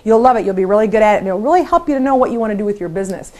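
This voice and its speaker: A middle-aged woman training new sales consultants, upbeat and encouraging, acting out sample phone calls in lively voices. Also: mid-range voice, racing. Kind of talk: training talk to camera.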